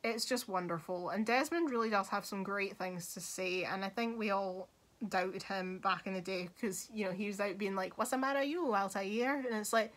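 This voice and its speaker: A young woman hosting a casual gaming talk video, animated and laughing often, swearing freely as she shares her thoughts. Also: medium pitch, moderate pace.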